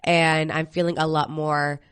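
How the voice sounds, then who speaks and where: A woman's voice: low voice, level tone, unhurried, clear, resonant tone, dry recording, clean studio sound. A young woman co-hosting a casual movie podcast, a little congested from a cold, chatty with fillers and restarts. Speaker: podcast co-host.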